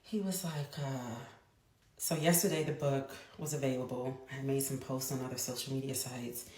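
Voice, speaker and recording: Speaking with an extremely low, warm voice at a moderate pace and fairly even intonation, a woman in her thirties shares a personal story on her casual vlog. She's a mother who talks chattily, speeding up in bursts and restarting sentences, recorded in an echoey room.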